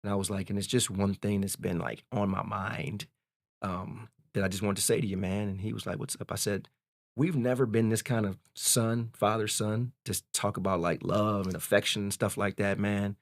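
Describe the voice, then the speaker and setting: Male guest, 40s, low-leaning dry voice, casual animated storyteller. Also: normal speed, gravelly, no echo. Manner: candid, animated retelling, peppered with "man". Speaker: podcast guest.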